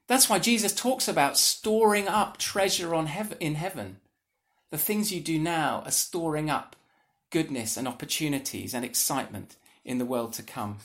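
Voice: medium pitch, animated, moderate pace, a bit bright. Earnest preacher giving a sermon. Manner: earnest, conversational, asks the audience rhetorical questions.

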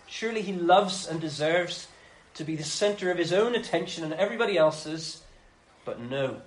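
A man preaching in an echoey room, his voice a touch higher than most. He reads scripture aloud and slips into a casual first-person paraphrase of what God is saying. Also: animated, normal speed. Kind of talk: sermon.

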